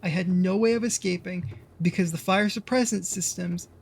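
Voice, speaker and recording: A man's voice: high voice, moderate pace, creaky, a little hiss or hum. A man streaming a game live, rambling to himself and swearing as he plays. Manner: rambling, swears, talks to himself while playing. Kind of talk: live gameplay commentary.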